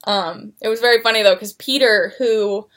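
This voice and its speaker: A woman's voice: medium pitch, moderate pace, fairly bright tone. A young woman co-hosting a podcast, chatting casually and telling stories, voicing the people in them as she goes. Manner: chatty storyteller, acts out coworkers' lines. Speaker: podcast co-host. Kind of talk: casual chat.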